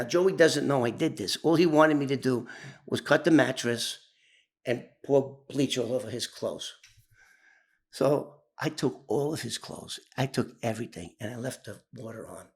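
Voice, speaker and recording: A man telling an animated street story, acting out the voices of others and often restarting his sentences. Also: fairly high pitch. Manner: animated, acts out quoted voices, many restarts. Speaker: former mob associate telling his story. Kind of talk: casual spoken storytelling.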